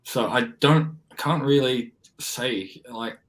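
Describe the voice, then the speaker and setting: A man, co-hosting in a stoic, measured way. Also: medium pitch, a bit bright. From Australia. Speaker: co-host.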